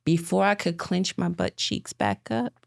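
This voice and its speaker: A woman's voice: fairly low pitch, measured pace, gravelly. A woman in casual podcast chat, candid and joking as she tells childhood stories and quotes others.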